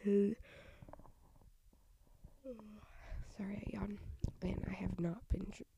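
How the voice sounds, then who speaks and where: A woman's voice: medium pitch, steady tone, slow pace, vocal fry, warm tone, slight background noise. A young woman with a stuffy nose hosting a casual solo podcast, rambling with half-whispered asides into a home mic. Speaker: podcast host.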